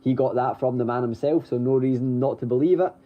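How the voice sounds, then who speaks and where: Speaking fairly quickly in a medium pitch, a podcast co-host chats through the latest wrestling news of the week. He fills it with ums, restarts and the occasional chuckle, captured in dull lo-fi sound.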